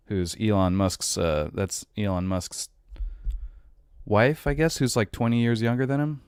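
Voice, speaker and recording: A man's voice: medium pitch, a little mellow, smooth, no echo, clean studio sound. A man in his thirties hosting a podcast, ranting in a casual, exasperated, profane way. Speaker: podcast host.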